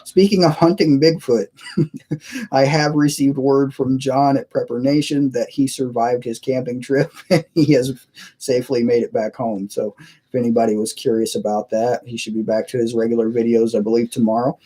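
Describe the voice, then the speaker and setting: A man chatting casually on a live stream from his computer, his voice warm and mellow at a middling pitch. He wanders from story to story, chuckling and reading out viewers' messages. The sound comes through a cheap webcam mic. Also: fairly even intonation, moderate pace. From United States. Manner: rambling, chuckling, reads chat aloud.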